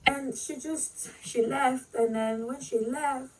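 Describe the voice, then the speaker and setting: A woman vlogger telling a painful personal story, halting and full of "like" and "you know", fighting back tears. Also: high voice, fairly even intonation, distant mic, noisy background.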